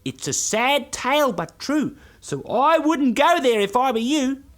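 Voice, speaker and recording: A man's voice: extremely high pitch, very animated, a little slow, a bit bright, pitched above the performer's own voice, exaggerated voice. A man voicing a gloomy male snail in a children's storybook, speaking in a doleful, matter-of-fact way.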